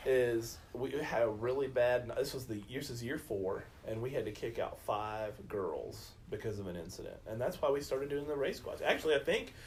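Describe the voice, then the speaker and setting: A man telling funny camp stories in a casual podcast chat, animated and often laughing. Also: medium pitch, normal speed, few pauses, a little hiss or hum. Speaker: camp director.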